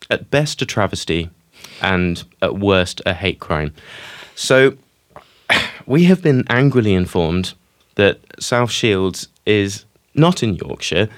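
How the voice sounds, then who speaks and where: A man hosting a film podcast, using a dry, mock-serious tone as he introduces segments. His voice sits fairly low. It is recorded close up in a small, deadened studio. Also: no room sound. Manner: wry, mock-serious delivery. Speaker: podcast host.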